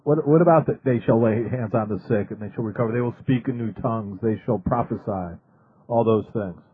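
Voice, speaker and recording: A man's voice: on the low side, a little fast, a little hiss or hum. A man hosting a radio talk show, earnest, often stumbling and repeating words. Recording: narrow phone-like radio sound.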